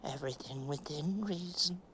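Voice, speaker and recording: An actress playing Winnie, a rambling middle-aged woman trapped in a mound, in a halting theatrical monologue that sinks to near-whispers. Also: deep voice, noisy background, close to an everyday voice. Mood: weary. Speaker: stage actress.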